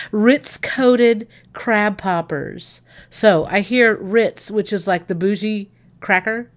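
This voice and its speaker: A woman's voice: mid-range voice, slow pace. A bubbly woman chats on a casual livestream. She gushes and exclaims to her viewers as she browses recipes. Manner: excitable, gushing, talks to viewers. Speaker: livestream host.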